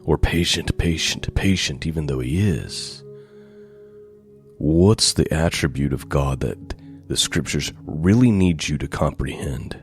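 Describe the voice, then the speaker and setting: Man preaching, reads scripture then expounds; very deep and unhurried, leans on repeated words. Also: faint music behind. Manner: slow, deliberate, emphatic repetition. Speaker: pastor. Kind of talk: sermon with scripture reading.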